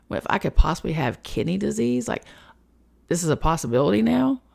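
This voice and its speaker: A woman's voice: lowish voice, big pitch swings, brisk, vocal fry, a little mellow. A woman hosting a spiritual podcast, talking in a frank, emotional personal monologue, swearing freely and chatting with lots of fillers.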